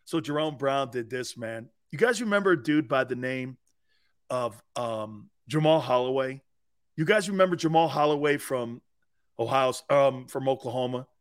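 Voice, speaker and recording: A middle-aged American man hosting a sports radio show, brash and laughing, swinging from shouting to muttering as he swears and riffs. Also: medium pitch, animated, moderate pace. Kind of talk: loud casual sports talk.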